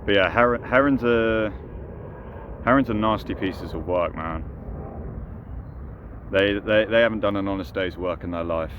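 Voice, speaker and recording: Deep-voiced man rambling outdoors. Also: a little slow, pauses often, highs cut off. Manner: rambling, jokey, talks to the ducks. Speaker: vlogger. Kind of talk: casual outdoor vlog. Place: outdoors by a pond. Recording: noisy outdoor street sound.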